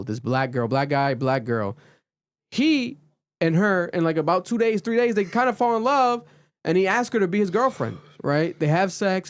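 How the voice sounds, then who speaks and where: Brief: male podcast host, slightly high voice, lively and profane, close dry mic. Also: dry recording. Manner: animated, profane storyteller who recaps shows. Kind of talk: casual podcast chat.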